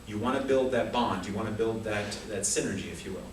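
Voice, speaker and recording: At a speaking club, a man with a lowish voice speaks fast through a prepared comic story with humorous asides. Recorded from far off in an echoey meeting room, the clip has slight background noise.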